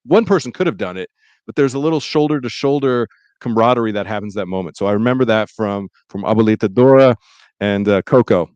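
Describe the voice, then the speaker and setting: Male podcast host, smooth clear tone, warm storytelling, dry room. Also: fairly low pitch, fast talker, no room sound, lo-fi sound. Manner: reflective, storytelling, enthusiastic. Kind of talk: casual chat.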